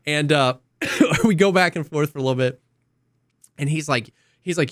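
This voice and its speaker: A man's voice: on the high side, brisk, no room sound. A young man spins a long gaming anecdote in casual podcast chat. He slips into quoted voices and coughs now and then. The sound is dry and close, with no room around it. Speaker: podcast co-host.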